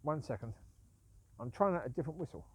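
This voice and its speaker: A man's voice: a little high, expressive, fast talker, slightly rough, no echo. Aggrieved man rambling on his own vlog. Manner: repetitive, aggrieved, self-justifying. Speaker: vlogger. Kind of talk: rambling casual monologue.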